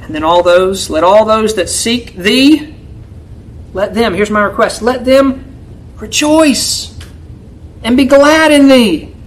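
A man preaching an expository sermon as a church elder, emphatic and often turning to his listeners with "right?", swinging between raised pleading and low, quiet asides. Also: slow, long pauses, slight background noise, low-quality recording.

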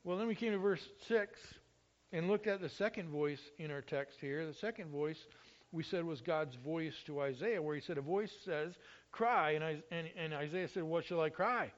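A high-pitched male pastor delivering a sermon, his voice swelling with emphasis whenever he quotes scripture. The recording is muffled and lo-fi, with a dull top end. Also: normal speed. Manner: expressive, rises loudly when quoting scripture.

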